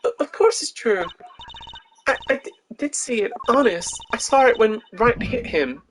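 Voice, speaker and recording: A man voicing a nervous, evasive young woman witness in a video game, with a stammering falsetto. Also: lively intonation, moderate pace, a little hiss or hum, rough recording. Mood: flustered.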